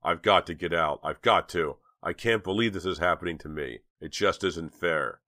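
Brief: man voicing a jailed teen boy, bitter and loud, deep voice, dry read. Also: moderate pace, no echo. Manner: loud, pleading, angry outbursts.

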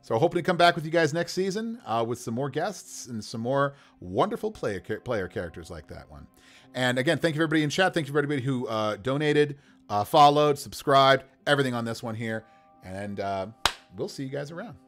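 A man's voice: mid-range voice, lively intonation, brisk, soft background music. A male host wrapping up a live stream show, chatty and friendly with many fillers.

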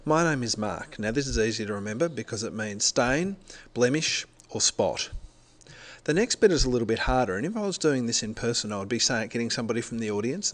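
A middle-aged Australian teacher with a mid-range voice gives a recorded presentation. He keeps it conversational, explaining step by step and correcting himself along the way.

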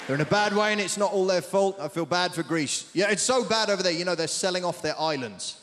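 A man performing stand-up comedy on a large theatre stage, telling a lively, rambling story with asides to the crowd. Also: high voice, fairly quick, in a large hall, a little hiss or hum. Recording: big theatre with roaring audience.

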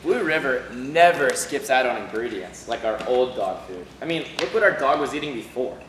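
Man as a soothing, stammering husband in a parody ad, lively delivery, distant and noisy in a roomy space. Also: mid-range voice, moderate pace, natural voice. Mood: calm. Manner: soothing, stammering, then defensive. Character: patient husband trying to calm his wife. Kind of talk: comedy sketch parody of an ad.

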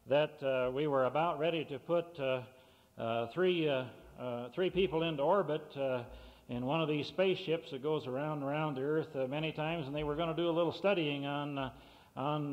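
A man at a public meeting introducing a speaker with a folksy joke, halting with many filler sounds. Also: a little high. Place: meeting hall. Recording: lo-fi cassette with hall reverb.

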